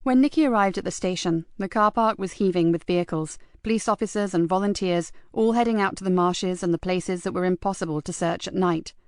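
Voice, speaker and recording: Lady reading a crime audiobook, steady, dry studio mic. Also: fairly low pitch, clean tone, no room sound. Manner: measured, even storytelling. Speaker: audiobook narrator. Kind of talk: scripted narration.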